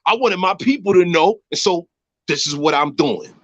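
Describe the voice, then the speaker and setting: A man in his thirties hosting a casual livestream chat, talking in an animated, slangy way. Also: sits high, normal speed, no room sound, muffled recording. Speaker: host. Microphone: phone.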